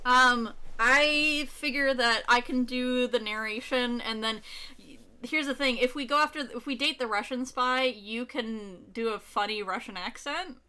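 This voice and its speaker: A bubbly woman streamer chatting and teasing a friend while she plays. Her voice is a little high and very bright. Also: smooth. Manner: bubbly, teasing, quick to laugh. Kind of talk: casual chat while playing a game.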